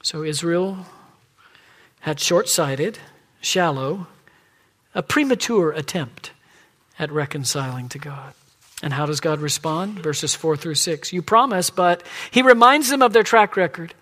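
A man with a high voice preaching a sermon. He drops to hushed whispers, then rises to loud, emphatic pleading, and acts out God and the people in quoted lines. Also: unhurried. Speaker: pastor.

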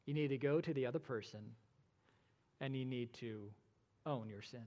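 A man's voice: medium pitch, normal speed, a little mellow, long reverb tail. A male pastor delivering a sermon, emphatic and full of rhetorical questions, with dry sarcastic asides.

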